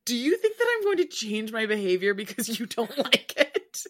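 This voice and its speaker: A young adult woman co-hosting a podcast, chatting casually with a friend in a relaxed, lightly sarcastic way. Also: on the high side, normal speed. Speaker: podcast co-host. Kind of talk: casual chat between friends.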